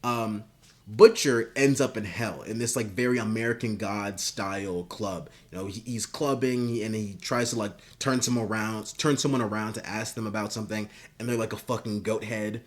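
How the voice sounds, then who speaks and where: A man pitching a story idea in casual, rambling talk, swearing and filling gaps with "uh" and "like". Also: fairly even intonation, moderate pace. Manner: rambling and profane, with many fillers. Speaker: video creator.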